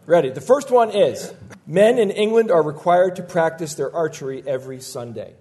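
A man running a quiz among friends, his voice sitting a little on the high side. He teases the others and laughs often in casual banter. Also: lively intonation, moderate pace, mellow. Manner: playful, teasing, laughs often. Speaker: podcast co-host running a quiz segment.

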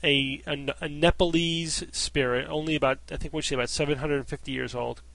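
A man hosting a casual panel conversation, skeptical and wry, often breaking into laughter. His voice sits a little high with a gravelly edge. The sound is dry and close. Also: fairly even intonation, a little fast, a bit bright, dry recording. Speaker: podcast host.

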